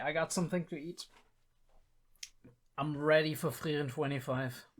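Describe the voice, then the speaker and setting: In a casual reaction video, a young non-native English-speaking man with a mid-range voice thinks out loud. His speech is full of pauses and restarts.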